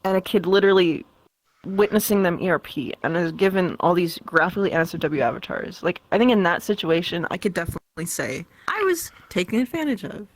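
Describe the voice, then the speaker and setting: A woman's voice: fairly low pitch, animated, no room sound, low-quality recording. Young woman recounting things plainly, dry sound. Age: young adult. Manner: matter-of-fact, halting, with filler words. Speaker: interview guest. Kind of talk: casual interview chat.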